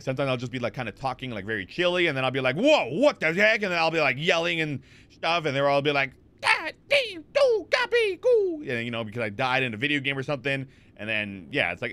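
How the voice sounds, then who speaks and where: A man streams from home, chatting casually with viewers close to a desk microphone. His voice is a little high. He rambles in an animated way, reading chat messages aloud and responding, with lots of fillers, restarts, and repeats.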